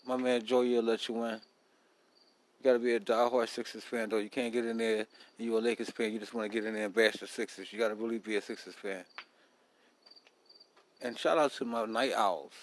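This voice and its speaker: A man's voice: medium pitch, poor audio. A man hosting a casual solo podcast, talking bluntly in a profane, rambling street style. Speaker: podcast host.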